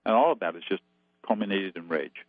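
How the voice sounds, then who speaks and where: Low-voiced man explaining over a tinny phone. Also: expressive, brisk, no room sound. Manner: methodical, lays out numbered steps. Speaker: guest expert on de-escalation. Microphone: telephone.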